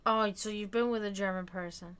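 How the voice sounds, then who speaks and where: Hosting a laid-back livestream, this woman talks at a medium pitch in a steady, somewhat bright voice that is clear and resonant, moving fairly quickly. She banters with her audience and responds to chat, stumbling through plenty of fillers and false starts.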